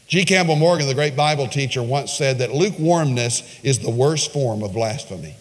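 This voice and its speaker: A man's voice: animated, normal speed, few pauses. Man preaching in a reverberant hall. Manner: dramatic storytelling, quoting with voices, pitch swings. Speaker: pastor. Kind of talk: sermon. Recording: long reverb of a large hall.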